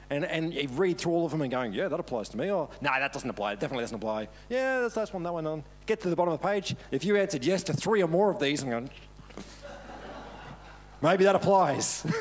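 A man preaching a casual, storytelling sermon with self-deprecating humour, laughing often as he talks. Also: on the high side. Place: church service.

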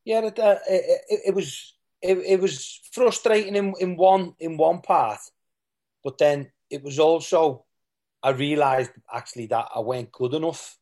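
A man's voice: on the high side, a little slow, dark tone. A man, a former footballer, telling candid stories in an interview and often quoting what people said. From England. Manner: rambling, with restarts and quoted asides.

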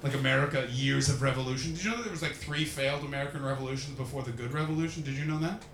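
Canadian male stand-up working the crowd, animated and foul-mouthed, in a roomy, reverberant space with faint ambience. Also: medium pitch, rapid-fire, noisy background. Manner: animated, swears freely, acts out voices. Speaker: stand-up comedian. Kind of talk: crowd-work stand-up comedy. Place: comedy venue with a live audience. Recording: echoey room with faint ambience.

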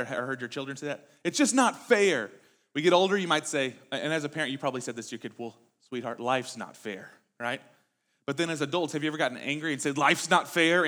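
A man's voice: a little high, fairly bright tone. A young adult man preaching a sermon in a church, talking conversationally and asking the congregation rhetorical questions. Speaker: pastor.

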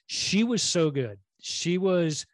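A middle-aged man co-hosting a podcast in casual chat, quick with asides and jokes. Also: high-pitched, animated, no echo, studio quality. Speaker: podcast co-host.

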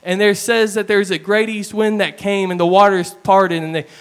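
A man delivers a sermon in a fairly high, smooth and clear voice. He tells his stories in an earnest, plain way, sometimes slowing down for weight. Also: little pitch movement. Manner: earnest storytelling with plain retellings. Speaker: preacher.

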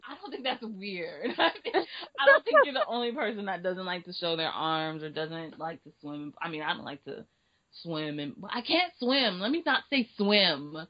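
A woman's voice: lowish voice, big pitch swings, moderate pace, muffled recording. A woman co-hosting a casual chat, playful and teasing, laughing often. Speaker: podcast co-host.

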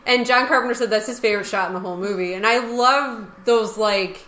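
A woman co-hosting a podcast in casual chat, chatty and quick to trail off and restart. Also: on the high side, fairly bright tone, slight background noise. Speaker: podcast co-host. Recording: echoey room.

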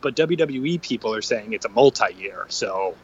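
A man's voice: fairly low pitch, animated, moderate pace, slightly rough. Easygoing man on a muffled call. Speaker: podcast co-host. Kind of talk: casual podcast chat. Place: on a train.

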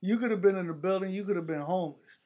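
A middle-aged man from the Bronx, telling animated stories in casual chat and acting out the people he quotes. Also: high-pitched, racing. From the Bronx, New York. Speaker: storyteller in a casual conversation.

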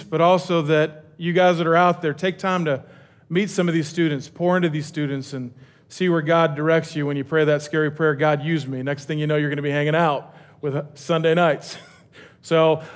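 A middle-aged man with a high-pitched voice preaches from a church stage. His sermon is casual and full of jokes. He keeps the energy up and stumbles into restarts as he talks. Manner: energetic and joking, with many restarts. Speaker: pastor.

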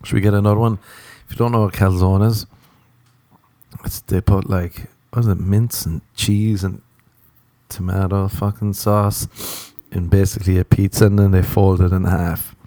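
A man's voice: low voice, little pitch movement, a little slow, mellow, no echo. A man, a comedian telling a rambling, profane anecdote in casual chat and laughing through it.

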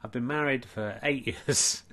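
Brief: male comedian, late-night stream host, rambling, quiet and mock-pleading. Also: mid-range voice, measured pace. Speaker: comedian hosting a charity livestream. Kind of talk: late-night comic livestream chat.

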